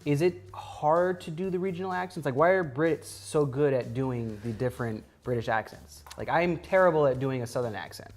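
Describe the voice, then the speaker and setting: A man hosting a casual movie chat, talking loosely and quickly with asides. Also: medium pitch. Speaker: host.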